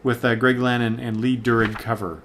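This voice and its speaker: A man talks through a casual comic book review at a middle pitch, stopping often to correct himself. He fills his pauses with ums and uhs. A faint background noise sits under his voice. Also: flat delivery, fairly bright tone. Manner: rambling, many fillers and self-corrections.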